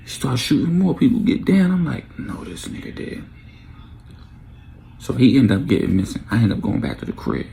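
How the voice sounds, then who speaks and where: Young New man, storyteller, gravelly voice, animated delivery, light background hiss. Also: medium pitch, fast, hardly any pauses. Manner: animated, acts out quotes with sound effects. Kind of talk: casual storytime vlog.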